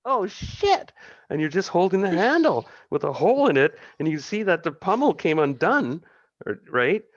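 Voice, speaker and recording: A man narrating as game master, chuckling and halting with many restarts. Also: high voice, sing-song, no echo, dull audio.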